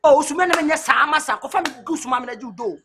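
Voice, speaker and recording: A man acting in a comedy drama scene, shouting in a loud, excited way. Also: extremely high pitch, rapid-fire.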